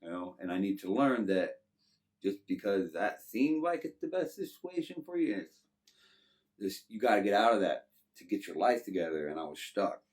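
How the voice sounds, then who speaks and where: A man's voice: sits low, darkish tone, recorded from a distance. A man in his thirties with a Texan accent, telling his life story to an interviewer in a loose, rambling way full of "you know". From Texas. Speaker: guest.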